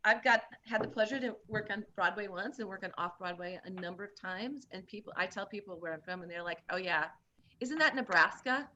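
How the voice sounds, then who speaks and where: A middle-aged woman from the Midwest, hosting a casual chat with lively enthusiasm and frequent restarts. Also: mid-range voice, fast, few pauses, a little hiss or hum. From born in Minnesota, raised in Iowa. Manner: animated, enthusiastic, many restarts. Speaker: host. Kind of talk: casual video-call chat.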